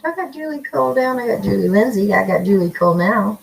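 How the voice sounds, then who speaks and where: A woman's voice: mid-range voice, fast, creaky, breathy edge, low-quality recording. Feisty woman chatting on a livestream, blunt and talky. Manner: chatty, reads viewer comments, feisty and blunt. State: slight cough from paint fumes. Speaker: psychic livestream host. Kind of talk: casual livestream chat.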